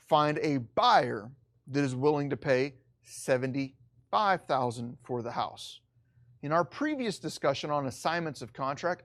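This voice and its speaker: A middle-aged man teaching a recorded real estate lesson, explaining step by step and slowing down to stress key points. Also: a little high.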